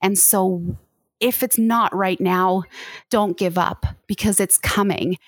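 A woman's voice: medium pitch, fairly even intonation, slow, dry recording. A woman guest on a podcast, speaking earnestly and pleadingly in long flowing runs. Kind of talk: earnest interview conversation.

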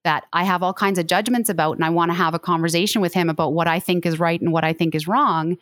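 A woman with a fairly low voice talks earnestly as a podcast guest, pleading in long, flowing runs. The sound is close and dry, with no room around it. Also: fairly even intonation, fast, fairly bright tone, no echo. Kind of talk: earnest interview conversation.

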